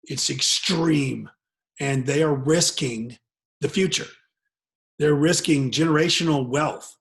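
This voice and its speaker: A man's voice: a little high, slow pace, gravelly. A man hosting a live webinar, jokey and self-deprecating as he tells a closing story. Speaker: webinar host.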